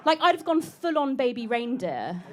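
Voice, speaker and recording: A woman delivers a chatty stand-up set, teasing the crowd and mocking herself. Her voice sits high and swings widely in pitch. The live club recording carries clear audience noise behind her. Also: very animated, moderate pace. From England. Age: 30s. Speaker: stand-up comedian. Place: comedy club.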